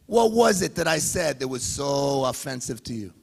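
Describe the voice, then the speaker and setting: Gravelly man taunting in an echoing hall. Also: medium pitch, animated, normal speed. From Canada. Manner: heated, repetitive, taunting questions. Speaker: arm wrestler at a press conference. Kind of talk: confrontational trash talk. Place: press conference venue. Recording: reverberant hall.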